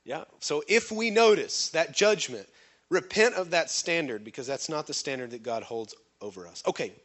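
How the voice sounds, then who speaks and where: A pastor preaches a sermon, questioning his congregation and drawing responses from them. His voice is a bit bright, with lively intonation and a moderate pace, and he acts out quoted voices with sudden jumps in pitch.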